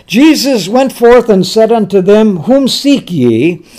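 A man preaching a sermon, slow and emphatic, repeating words for stress. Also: high-pitched, very animated, darkish tone.

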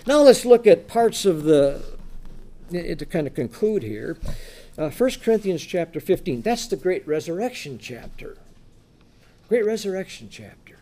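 Male preacher, slightly high and very animated, emphatic scripture reading with rhetorical asides. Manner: animated, rhetorical questions, shifts between loud reading and low asides; reads scripture in slow, emphatic tones.

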